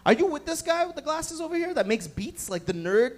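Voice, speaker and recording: A man's voice: very high-pitched, big pitch swings, fairly quick. A man doing a stand-up set, riffing profanely with the crowd and acting out voices. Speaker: stand-up comedian. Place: comedy club stage.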